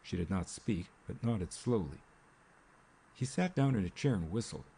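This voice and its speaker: A man reading an audiobook in a measured, even storytelling manner. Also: low-pitched, gravelly, a little hiss or hum. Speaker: audiobook narrator. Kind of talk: scripted narration.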